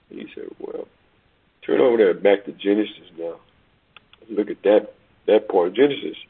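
A man preaching a sermon and reading scripture aloud, slow and emphatic, repeating words and stretching key phrases. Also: on the low side, vocal fry, breathy edge. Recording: tinny phone-like recording.

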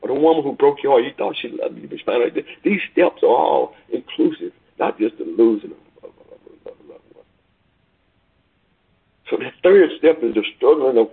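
Man preacher, husky and gravelly, heard over a tinny phone line, rhythmic repetition. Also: lively intonation, a little fast. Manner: preaching with swells of pitch and loudness, repeating phrases. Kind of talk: sermon on a call. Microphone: phone call.

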